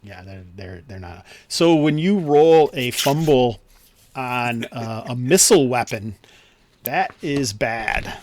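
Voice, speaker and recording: A man's voice: medium pitch, animated, slow pace, a little mellow. A man running an online tabletop game as game master, explaining rules with many fillers and restarts. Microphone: headset or desk mic on a video call.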